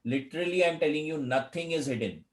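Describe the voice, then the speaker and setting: A man's voice: a little high, fast talker. A man leading a study group, explaining insistently and repeating his points over a video call. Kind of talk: teaching commentary. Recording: roomy video call audio.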